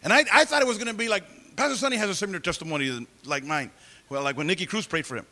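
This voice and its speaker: A man telling his life story as a testimony in a sermon, animated and acting out the voices of people he quotes. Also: high voice, rapid-fire. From California. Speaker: preacher giving testimony.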